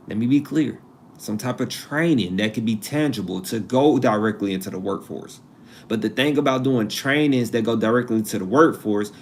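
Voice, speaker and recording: This man is hosting a casual live stream, his medium-pitched voice carrying a little hiss or hum. He talks loosely and conversationally, drifting off topic and repeating himself for emphasis.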